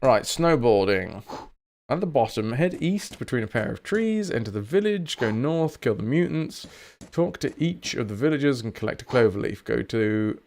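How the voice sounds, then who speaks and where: A man's voice: mid-range voice, darkish tone. Chatty man with a southern English accent. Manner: chatty, jokey, swears now and then. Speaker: streamer. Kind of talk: casual game commentary. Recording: game music behind.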